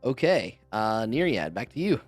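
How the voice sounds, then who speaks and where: A man running a tabletop game as game master, narrating in a relaxed way with many fillers. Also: lowish voice, normal speed, no room sound, soft background music. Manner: relaxed, with fillers and short acknowledgements.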